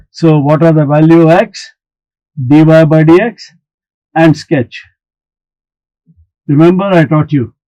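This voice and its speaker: A male maths teacher works through a problem slowly and deliberately, taking his time over each step. His voice sits a little high for a man. The sound is dry and close, with no room echo. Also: warm tone. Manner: slow, deliberate explaining, talks back to imagined students. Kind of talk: recorded maths lesson.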